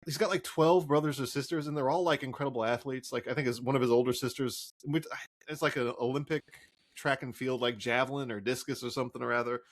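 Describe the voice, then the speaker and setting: A man co-hosting a basketball podcast, telling stories in a rambling, animated way with lots of fillers. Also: mid-range voice, quick pace. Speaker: podcast co-host. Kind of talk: casual chat.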